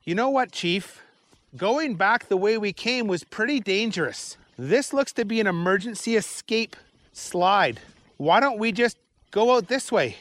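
An eager boy detective chirps out his news in a high, bright voice. A man acts him out, and the sound is dry and close, with no room around it. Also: lively intonation, a little slow, no room sound. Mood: calm. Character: boy detective, eldest brother, cheerful and confident.

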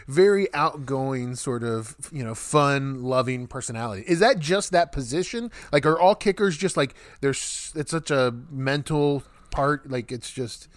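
A man's voice: medium pitch, animated, measured pace, hardly any pauses, no echo. Chatty man hosting a sports podcast. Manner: chatty, rambling with many fillers. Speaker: podcast host. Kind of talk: casual sports chat.

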